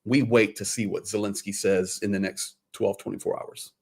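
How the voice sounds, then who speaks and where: A man's voice: fairly low pitch, steady tone, moderate pace, vocal fry, husky. A man co-hosting a casual live stream, talking straight to the audience.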